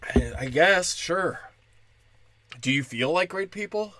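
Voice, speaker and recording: Young male stand-up, crude ranting delivery, slightly high voice, dry sound. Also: animated, takes it slowly, bright, forceful tone, no room sound. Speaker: stand-up comedian. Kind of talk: stand-up comedy rant.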